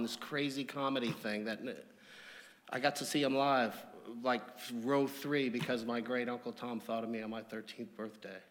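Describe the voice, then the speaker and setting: A man's voice: mid-range voice, a bit bright. Man telling funny stories in a reverberant hall. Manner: humorous, anecdotal storytelling. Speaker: eulogy speaker. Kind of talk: memorial eulogy.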